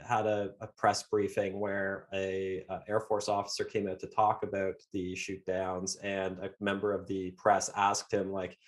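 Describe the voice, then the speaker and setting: A man talking as a podcast guest, explaining things casually with many pauses and fillers. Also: sits low, completely flat delivery. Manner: hesitant, full of fillers and restarts. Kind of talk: casual conversational interview.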